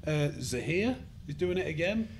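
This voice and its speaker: A man's voice: a little high, lively intonation, moderate pace, slight background noise. A man as a podcast guest, speaking earnestly with hesitant restarts and frequent laughs. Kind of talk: casual podcast chat.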